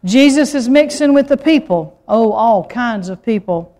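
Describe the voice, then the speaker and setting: A woman preaching a sermon, expressive and full of rhetorical questions, slowing down to stress key words. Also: fairly high pitch. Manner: expressive, with rhetorical questions and slow emphatic phrases.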